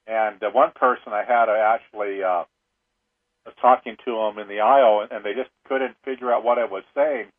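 A man's voice: fairly low pitch, fairly even intonation, a little fast. A man hosting a talk radio show, rambling earnestly with many fillers, heard over a tinny phone line. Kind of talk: casual talk-radio monologue.

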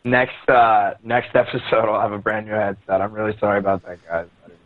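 A man on an esports podcast panel, speaking in a measured, deliberate way over a call that breaks up. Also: fairly low pitch, little pitch movement, no echo, narrow, tinny audio. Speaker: podcast panelist, pro gamer. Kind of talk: casual esports podcast chat.

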